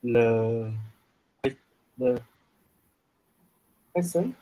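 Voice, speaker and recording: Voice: mid-range voice, extremely slow, warm tone, rough recording. Hesitant adult English learner, native Chinese speaker. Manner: hesitant, repeats the tutor's phrases. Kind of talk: one-on-one online lesson.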